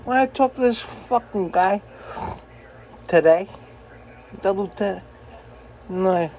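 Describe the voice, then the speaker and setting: A man's voice: high-pitched, slow pace, a little mellow, a little hiss or hum, poor audio. A man in his forties, a truck driver, ranting in a profane, angry, rambling way while filming himself on a phone in his truck cab. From United States. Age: 40s. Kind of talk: ranting self-filmed vlog.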